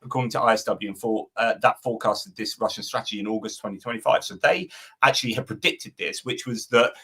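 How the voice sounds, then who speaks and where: A man's voice: lowish voice, fast talker, sharp tone, breathy edge. A man analysing politics as a livestream guest, talking casually and thinking aloud, with quoted asides. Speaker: guest commentator.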